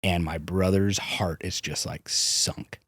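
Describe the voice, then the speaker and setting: Low-voiced man telling hard stories. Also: fairly even intonation, takes it slowly, a bit bright, dry recording, studio quality. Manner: frank, swears, hesitant restarts. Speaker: podcast guest. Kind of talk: candid personal storytelling.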